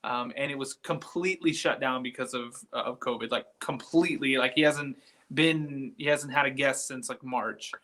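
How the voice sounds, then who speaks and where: A man talking as a guest paranormal investigator on a live show, rambling and excitable as he tells stories from inside an old building at night. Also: medium pitch, moderate pace. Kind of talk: casual live chat from an investigation site.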